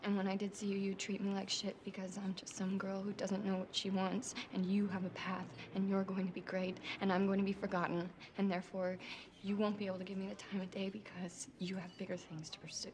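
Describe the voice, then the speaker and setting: A woman's voice: medium pitch, completely flat delivery, brisk, noisy background, natural voice. An actress playing a hurt young woman, answering with biting sarcasm. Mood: sarcastic. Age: young adult. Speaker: film character. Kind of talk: film drama acting.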